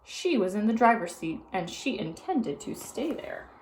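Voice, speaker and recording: A woman narrating a children's book aloud in an expressive storytelling manner. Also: mid-range voice, moderate pace, a little hiss or hum. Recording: roomy echo.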